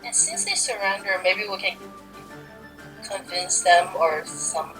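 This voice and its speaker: A woman playing a tabletop game, speaking in a slow, deliberate way. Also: mid-range voice, animated, music in the background. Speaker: player.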